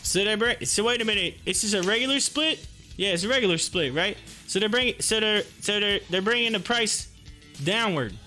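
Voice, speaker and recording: A man hosting a live stock-market stream, chatting excitably with his viewers and reading their comments aloud. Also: sits high, fairly quick, faint music behind.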